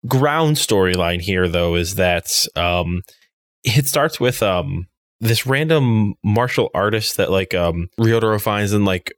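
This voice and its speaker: A young man with a low voice, recorded close and dry, co-hosting a casual chat. He rambles through his ideas, packing his speech with fillers. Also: dry recording. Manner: rambling, many fillers, theorizing. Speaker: podcast co-host.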